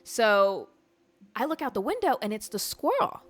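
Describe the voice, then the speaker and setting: A woman hosting a podcast, telling a story in a casual, animated, profane way. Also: fairly high pitch, moderate pace, faint music behind. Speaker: podcast host.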